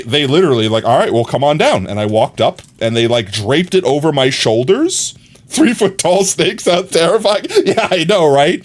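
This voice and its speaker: A man livestreaming a game, telling a rambling, animated story in casual chat with frequent laughs. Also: fairly high pitch.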